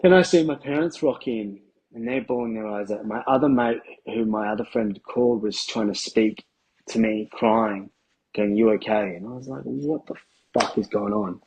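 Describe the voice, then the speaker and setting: Man, thirties, husky low voice, casual halting storytelling, swears freely. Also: darkish tone, low-quality recording. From Australia. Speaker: podcast guest. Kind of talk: candid personal storytelling.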